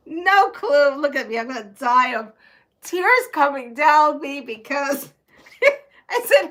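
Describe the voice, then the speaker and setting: Here the quilting host's voice sits high and is very animated, with a fairly bright tone. She talks slowly and pauses often, a middle-aged woman laughing and chatting casually with viewers as she sews on her home live stream.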